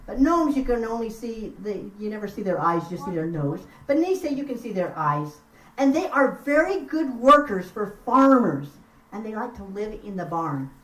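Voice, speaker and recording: A woman telling folk tales at a live house concert, expressive and chatting with the audience. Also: mid-range voice, normal speed. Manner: expressive, lively, chats with the audience. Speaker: storyteller. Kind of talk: live storytelling performance. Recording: roomy sound from far off.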